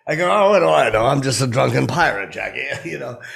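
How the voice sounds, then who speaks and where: A man plays a starstruck oddball in a comedic character podcast, rambling through awkward celebrity stories with nervous asides. His voice is heavily gravelly and husky, sitting in an ordinary middle pitch. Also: animated, fast talker, a bit bright, exaggerated voice.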